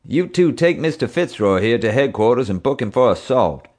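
A man reading an audiobook, voicing a bossy male officer who loudly gives orders. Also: medium pitch, big pitch swings, moderate pace, pitched above the performer's own voice. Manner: loud, ordering.

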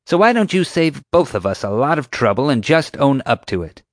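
A man's voice: medium pitch, big pitch swings, brisk, no room sound, clean studio sound, voice pushed up, close to an everyday voice. A man voicing a bossy, sneering female park security officer who snaps and accuses. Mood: snapping. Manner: snapping, accusing, sarcastic.

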